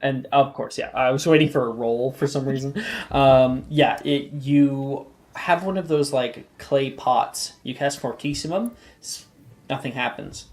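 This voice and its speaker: A man runs a tabletop role-playing session over a video call. He has a relaxed, meandering way of talking and chuckles now and then. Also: mid-range voice, a little slow. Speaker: game master. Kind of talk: running a tabletop game online.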